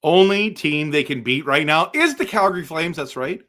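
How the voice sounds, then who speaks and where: A man hosting a casual live stream for viewers, excitable and exasperated, breaking into loud outbursts. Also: on the high side, moderate pace. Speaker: livestream host.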